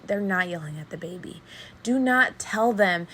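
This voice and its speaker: A woman's voice: mid-range voice, a little slow, sharp tone, a little hiss or hum. A young woman hosting her own podcast, speaking earnestly and emphatically about her own life, often repeating phrases for weight. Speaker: podcast host. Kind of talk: personal solo podcast talk.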